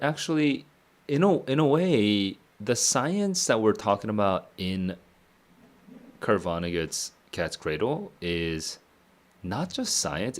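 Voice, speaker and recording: A man reading a novel aloud and reacting to it, thinking out loud and often chuckling. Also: low-pitched. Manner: musing aloud, frequent chuckles. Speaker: book club streamer.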